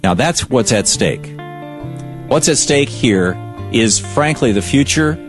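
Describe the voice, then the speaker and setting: A man's voice: mid-range voice, animated, slow, soft background music. Emphatic male political commentator. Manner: emphatic, storytelling delivery. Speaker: radio talk show host.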